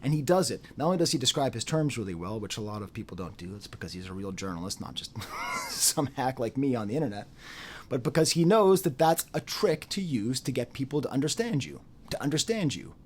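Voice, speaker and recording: A man's voice: mid-range voice, big pitch swings, a little fast, darkish tone, slight background noise. A man giving an unscripted commentary monologue, repeating phrases for emphasis and dropping into mocking quoted voices. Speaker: YouTube commentator.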